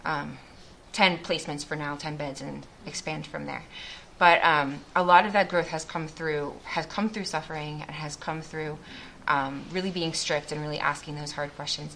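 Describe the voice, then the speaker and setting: A woman with a slightly low voice speaks to a group as a missionary. She shares her faith testimony earnestly and thoughtfully, often starting her sentences over. A faint background noise sits under her voice. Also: fairly even intonation, moderate pace, gravelly, a bit bright. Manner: earnest and reflective, with frequent restarts.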